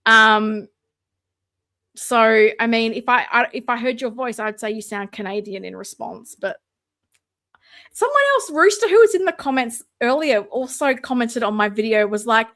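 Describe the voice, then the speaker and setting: Bright-voiced Australian woman hosting a livestream. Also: fairly high pitch, moderate pace. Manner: chatty, reads and answers viewer comments. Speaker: livestream host. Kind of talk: casual livestream chat.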